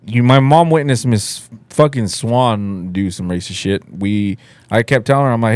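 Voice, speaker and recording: A man's voice: medium pitch, normal speed, darkish tone, dry recording. A young man from Mexico co-hosting a podcast, telling a school story in a loose, profane way. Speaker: podcast co-host. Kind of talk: casual chat, storytelling.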